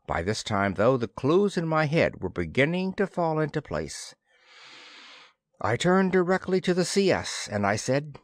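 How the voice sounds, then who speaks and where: A man reading a first-person science fiction story with expressive, dramatic narration. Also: fairly low pitch, measured pace, no echo, studio quality. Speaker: audiobook narrator.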